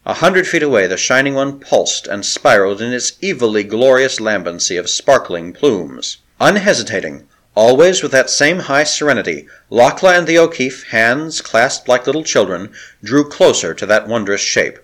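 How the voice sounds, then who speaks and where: Male audiobook narrator, animated intonation, dramatic and measured. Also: mid-range voice. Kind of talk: scripted narration.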